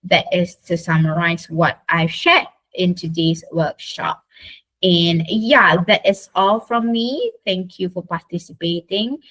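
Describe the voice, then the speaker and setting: A woman's voice: lowish voice, slow, a bit bright, rough recording. A woman leading an online speaking workshop, often checking in with "right?" and restarting her phrases. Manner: checks in often with tag questions; frequent restarts and fillers. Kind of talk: online teaching talk.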